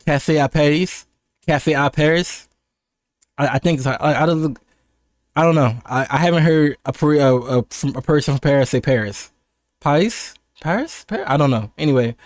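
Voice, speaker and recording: A man's voice: fairly high pitch, moderate pace, no room sound, clean studio sound. A young American man chatting casually on a livestream, rambling and laid-back with lots of restarts and laughs. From United States. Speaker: streamer.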